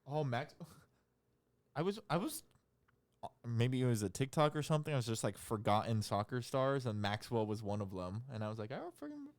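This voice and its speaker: A man's voice: mid-range voice, moderate pace. Chatty man steering a podcast chat. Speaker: podcast co-host. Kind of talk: casual chat.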